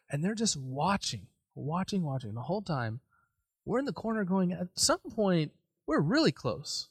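A man preaching a sermon, telling a personal story in an animated, self-deprecating way. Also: a little high, moderate pace, slightly rough, no room sound. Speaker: pastor.

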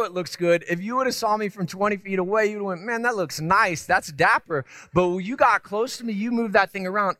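A man preaching a sermon. He tells stories in a lively, conversational way, with self-deprecating asides, and moves from loud emphasis to hushed tenderness. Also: high-pitched, no echo. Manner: animated storytelling, swinging between loud emphasis and hushed tenderness. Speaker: pastor.

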